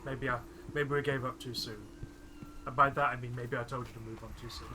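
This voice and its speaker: A man's voice: mid-range voice, steady tone, brisk, sharp tone, soft background music. A man co-hosting a game stream, chatting casually, offering hints about the game and teasing his friend in a dry way. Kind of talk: casual gaming chat. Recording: live stream with background noise.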